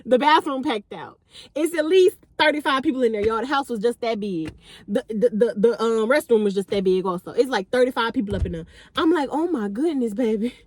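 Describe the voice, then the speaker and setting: High-voiced young woman telling a wild story. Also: a little fast. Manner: animated, slangy and blunt, addressing viewers as y'all. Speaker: vlogger. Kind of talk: storytime vlog, casual storytelling.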